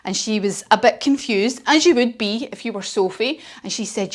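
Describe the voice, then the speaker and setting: A woman's voice: fairly high pitch, normal speed. A woman leading a children's yoga class while telling a story, playful and encouraging. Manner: encouraging, playful, sing-song. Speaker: kids yoga teacher.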